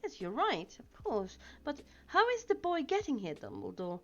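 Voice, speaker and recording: A woman's voice: high-pitched, wildly swooping pitch, normal speed, fairly bright tone, pitched above the performer's own voice, heavily acted. A woman reading aloud and voicing a stern, worried older female professor in a clipped, anxious way, on a dull lo-fi recording with faint music. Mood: doubtful.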